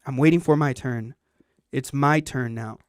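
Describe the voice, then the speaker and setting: A man hosting a podcast, telling a story in a casual, animated and profane way, acting out what people said. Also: mid-range voice, unhurried, a little hiss or hum. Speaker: podcast host.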